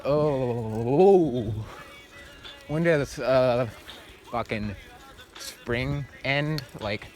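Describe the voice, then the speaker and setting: A man vlogging outdoors as he walks uphill before dawn. He rambles through a casual monologue, swearing and filling his talk with ums and likes. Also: medium pitch. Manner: meandering, swears a lot, full of fillers. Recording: music playing under the voice.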